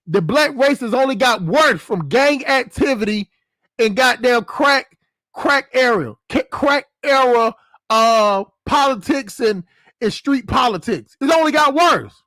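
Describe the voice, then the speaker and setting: A man's voice: very high voice, lively intonation, measured pace, fairly bright tone, no room sound. A man hosting his channel in a casual vlog monologue, rambling and profane, restarting and repeating phrases. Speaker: channel host.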